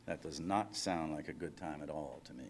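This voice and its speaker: A man's voice: rumbling low, moderate pace, slight background noise. A man reading fiction aloud, voicing a guarded, curt woman who works a phone-sex line. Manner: curt, coolly evasive.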